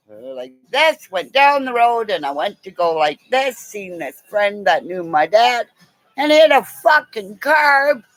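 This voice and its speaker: A woman's voice: a little high, fairly bright tone, no room sound. A middle-aged woman telling a meandering personal story in a casual way, laughing often and swearing freely.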